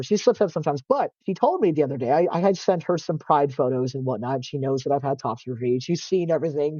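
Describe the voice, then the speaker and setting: A man talking as a podcast guest, loose and chatty, with lots of filler words and easy swearing. His voice is warm and mellow in a dry, close sound. The audio is a bit dull and lo-fi. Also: fairly high pitch, no echo. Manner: casual, animated storytelling, heavy use of "like", swears freely. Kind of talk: casual interview chat.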